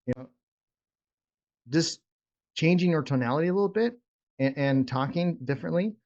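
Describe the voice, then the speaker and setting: A man's voice: on the high side, moderate pace, a little mellow, lo-fi sound. A man coaching real estate investors in casual, rambling talk, repeating words as he goes. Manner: rambling, repeats words, drops to whispers to demonstrate. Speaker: real estate trainer leading a call.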